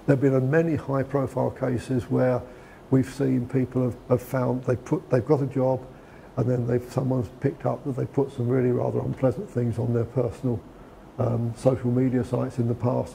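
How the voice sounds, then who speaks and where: A man's voice: medium pitch, flat delivery, moderate pace, vocal fry, dark tone, slight background noise. A man giving a talk on preparing a CV, conversational, with frequent restarts and fillers. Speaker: guest lecturer. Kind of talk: lecture on preparing a CV.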